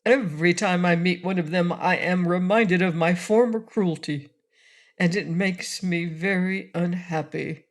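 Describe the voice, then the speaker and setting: A woman's voice: fairly low pitch, a little slow. A woman reading a storybook, voicing a grumpy, lonely male ferryman who confesses past cruelty. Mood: regretful. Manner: gruff, then mournful confession.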